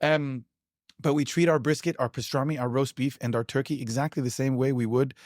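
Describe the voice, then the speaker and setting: A man's voice: mid-range voice, steady tone, brisk, a little mellow, dry recording, studio quality. A man, a pitmaster, chatting enthusiastically in an interview, rambling with lots of fillers and restarts. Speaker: pitmaster and producer. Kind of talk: casual conversational interview.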